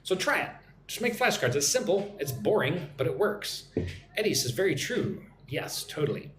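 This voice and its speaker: A man from Texas with an American accent, hosting a live-stream English lesson, chatty and repeating phrases slowly for learners. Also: a little high, sing-song, reverberant, noisy background. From Texas, United States. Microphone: phone or computer mic for live stream.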